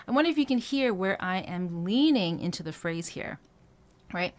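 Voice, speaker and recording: Her voice sits lowish and sounds animated at a moderate pace as this woman vocal coach talks through singing technique in a relaxed lesson. She thinks aloud with fillers and breaks into brief sung lines to show what she means.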